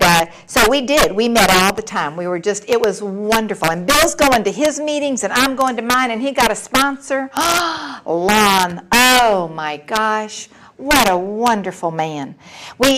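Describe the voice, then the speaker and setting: Woman telling her story, animated. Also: fairly high pitch, measured pace, background noise. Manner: animated storytelling, acts out quoted voices, laughs often. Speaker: speaker sharing her story at a recovery meeting. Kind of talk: personal testimony talk.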